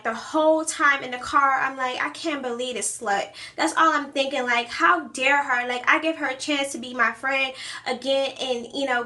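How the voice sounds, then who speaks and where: High, bright-voiced young woman telling a story. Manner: chatty, animated retelling with many fillers. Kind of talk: casual storytime vlog.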